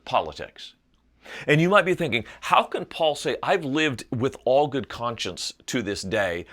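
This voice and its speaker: A middle-aged man teaching a Bible lesson, explaining a text in an animated storytelling way. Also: medium pitch. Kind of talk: video Bible lesson lecture.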